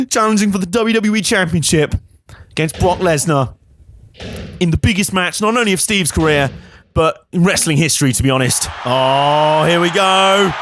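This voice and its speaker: A man hosting a let's play, commenting on a wrestling game in a jokey, sarcastic way. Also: on the high side. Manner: jokey, sarcastic, chuckling often.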